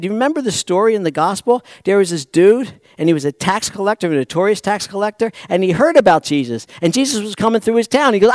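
High-voiced impassioned male preacher. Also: no echo. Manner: shifts from hushed intimacy to impassioned, rising exhortation; folksy asides to the congregation. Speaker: pastor. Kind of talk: sermon. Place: church sanctuary.

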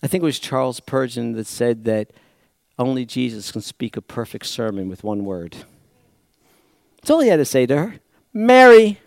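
A man preaching a sermon dramatically, swinging from loud exclamations to hushed, reflective passages. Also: medium pitch, animated, normal speed, creaky, dry recording, clean studio sound.

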